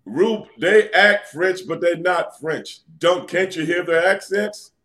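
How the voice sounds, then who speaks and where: A man from New York City talks as a podcast guest, easygoing and teasing as he throws questions back at his hosts. His voice is a touch high for a man, though it often drops low and soft. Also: slow. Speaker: guest, former pro wrestler. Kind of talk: casual podcast interview.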